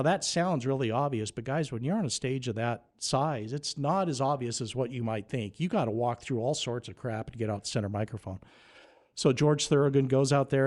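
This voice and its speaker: An animated man tells a funny story in a relaxed chat. His voice sits at an ordinary middle pitch, and he keeps climbing to excited near-shouts as the punchlines land. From Nevada. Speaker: radio host guest. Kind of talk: casual storytelling.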